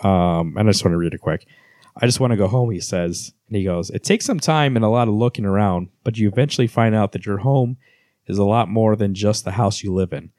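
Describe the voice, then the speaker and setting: A man's voice: on the low side, fairly quick, a little mellow, no room sound, clean studio sound. A man co-hosting a casual book club podcast, retelling scenes and reading passages aloud with many fillers. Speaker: podcast co-host.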